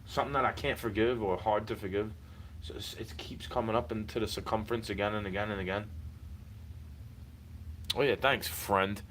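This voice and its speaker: A man's voice: on the low side, steady tone, quick pace, rough recording. Frustrated man ranting, faint background hiss. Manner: heated, repetitive, swearing, addressing someone directly. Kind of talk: frustrated personal rant to camera.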